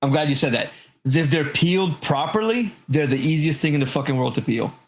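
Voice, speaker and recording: A man in his thirties chatting casually, an animated storyteller who swears freely. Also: a little high, brisk. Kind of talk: casual chat.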